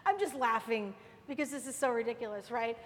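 A woman's voice: a little high, animated, measured pace, a bit bright, in a large hall. A middle-aged woman teaching a sermon to women, fervent, repeating phrases with rising force.

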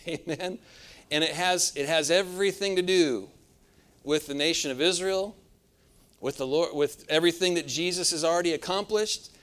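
Male pastor, slightly high voice, folksy storytelling sermon. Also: fairly bright tone. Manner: folksy storytelling with frequent laughs and calls of amen. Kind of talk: sermon with personal anecdote.

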